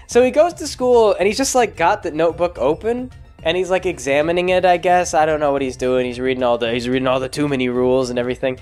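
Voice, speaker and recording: A man with a fairly high voice retells a film with rambling sarcasm. He keeps doubling back and interrupting himself. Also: fast, darkish tone, faint music behind. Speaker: host. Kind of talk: comedic movie recap.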